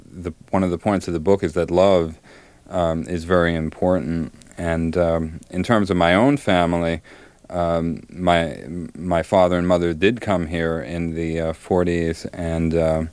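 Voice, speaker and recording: A middle-aged man, a novelist, answering interview questions thoughtfully with many pauses and fillers, and reading from his book. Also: low voice, level tone, a little mellow, clean tone, no echo.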